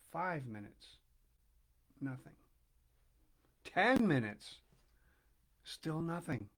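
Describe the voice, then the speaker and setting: Man, storybook narrator, high voice, lively pitch, dramatic hushed pauses. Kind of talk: storybook reading.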